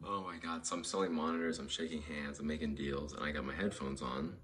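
A bass-voiced podcast host rambles and swears while ranting and telling a story, speaking quickly and steadily with few pauses. He gets worked up and profane. It's recorded with studio monitors and headphones, and the audio is very noisy.

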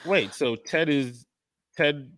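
A man's voice: fairly high pitch, takes it slowly, a bit bright, dry recording, studio quality. A middle-aged man, co-hosting a podcast in a playful, joking manner. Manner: joking, playful, slips into voices for bits. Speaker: podcast co-host. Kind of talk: casual chat.

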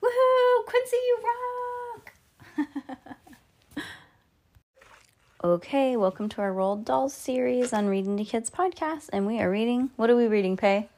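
A woman's voice: medium pitch, a little fast, few pauses, warm tone. A woman hosting a podcast, reading a children's book aloud with chatty, playful asides to a child. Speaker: podcast host reading to kids.

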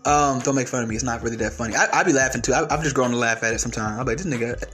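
A man's voice: medium pitch, very fast, fairly bright tone, soft background music. A young man from the United States who stutters, delivering a brash, profane comic rant. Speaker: vlogger.

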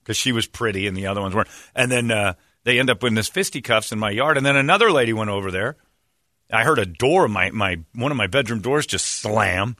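A man with a fairly low voice that comes out bright and forceful. He tells crude stories with boisterous jokes and acts out the people in them. The sound is dry and close. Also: expressive, a little fast, dry recording. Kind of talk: crude comic storytelling.

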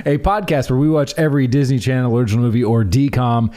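A man's voice: mid-range voice, steady tone, quick pace, mellow. A man hosting a casual podcast, talking in a playful, joking way. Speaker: podcast host. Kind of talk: casual chat.

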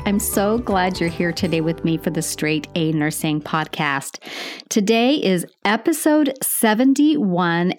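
Calm, slow-talking woman nurse host. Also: mid-range voice. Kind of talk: calm educational podcast talk.

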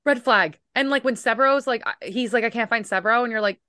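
Woman co-host, bright tone, dry close sound, chatty and animated. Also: a little high, fast talker, hardly any pauses, no echo. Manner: animated, laughing, swears casually. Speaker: podcast co-host. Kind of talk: casual book chat.

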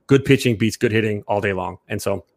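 A young man co-hosting a casual sports chat, rambling and jokey, quick to laugh. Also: on the low side, vocal fry, dry recording. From Chicago area. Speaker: sports podcast co-host.

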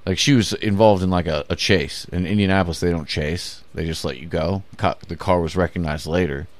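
A man's voice: low-pitched, brisk. A man co-hosting a casual podcast, recounting a story in a matter-of-fact way. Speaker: podcast co-host.

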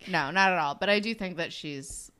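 A woman's voice: fairly low pitch, moderate pace, sharp tone, slight background noise. A woman co-hosting a podcast, chatting casually and emphatically about a TV episode, swearing when heated. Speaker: podcast co-host. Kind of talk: casual chat recapping a TV episode.

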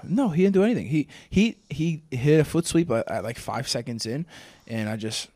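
A man's voice: medium pitch, normal speed, dry recording, clean studio sound. Man swapping casual fight stories. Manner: loose, swears freely, tells stories with animated voices. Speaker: podcast co-host. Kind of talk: casual chat.

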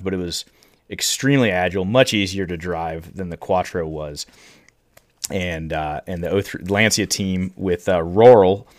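Deep-voiced man explaining on a podcast. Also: no room sound. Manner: explanatory, measured, with frequent "um" pauses. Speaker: podcast co-host explaining rally history. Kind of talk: casual podcast chat.

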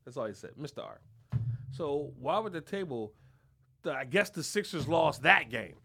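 A man's voice: fairly high pitch, normal speed, creaky, music in the background. A man hosting a podcast, telling a profane story in a casual way and acting out the people in it. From Philadelphia. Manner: profane, animated, acts out the people in his story. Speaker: podcast host.

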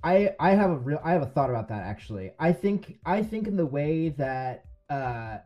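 A man's voice: a little high, sing-song, moderate pace, dull audio, soft background music. A man co-hosting a casual comics chat, earnest and enthusiastic. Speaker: comics podcast co-host.

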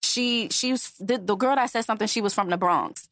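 A young woman with a mid-pitched voice tells a story in casual podcast chat. She is animated and swears freely. Her voice sounds dry and close, with no room echo. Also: brisk. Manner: animated, swearing, frequent restarts. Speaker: podcast co-host.

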